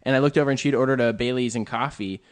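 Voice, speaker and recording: A man co-hosting a podcast, telling stories in an animated, rambling way. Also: medium pitch, fast. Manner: animated storytelling, lots of fillers. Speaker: podcast co-host. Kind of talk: casual podcast chat.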